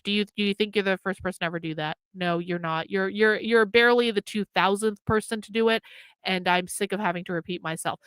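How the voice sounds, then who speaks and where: A woman's voice: mid-range voice, steady tone, a little fast, a bit bright, clean tone, dry recording. A woman hosting a political livestream, giving profane, lecturing commentary straight to her chat. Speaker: political streamer host.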